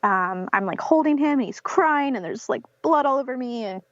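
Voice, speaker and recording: A woman's voice: high voice, expressive, normal speed, a bit bright, no room sound. A young woman from North Carolina telling a personal story as a podcast guest, with many fillers like "um" and "like", acting out what others said to her. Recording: slightly dull lo-fi podcast audio.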